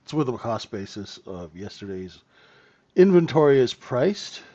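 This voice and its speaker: A man talks through the market live for his trading room, relaxed and unhurried, thinking aloud as he goes. His voice sits at an ordinary middle pitch. The audio is a little dull and lo-fi, like a home stream. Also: no echo. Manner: casual, thinking aloud over the charts. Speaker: futures trading room host.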